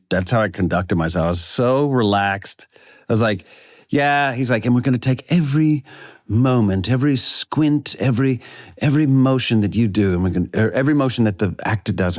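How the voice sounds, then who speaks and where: A male actor in a casual interview, telling stories with lively acted-out dialogue. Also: lowish voice, no echo, studio quality. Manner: animated storyteller, acts out quoted dialogue. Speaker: actor guest.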